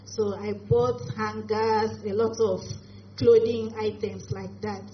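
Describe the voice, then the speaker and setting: A woman's voice: mid-range voice, level tone, takes it slowly. Woman trader, plain and grateful, muffled lo-fi sound. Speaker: trader giving testimony. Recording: dull lo-fi audio with faint noise.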